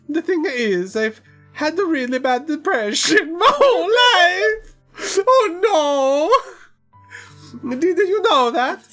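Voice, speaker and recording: A woman voicing a cheerful teenage schoolgirl who hides deep sadness, her lines wavering and half-laughing through tears. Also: a bit bright, heavily acted.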